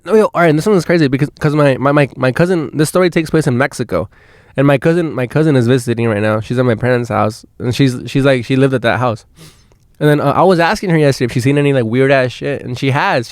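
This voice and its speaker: Male podcast host, mid-pitched, casual and profane, recorded dry in a van. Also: dry recording. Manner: rambling, swears a lot, many restarts. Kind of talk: casual storytelling. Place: inside a van.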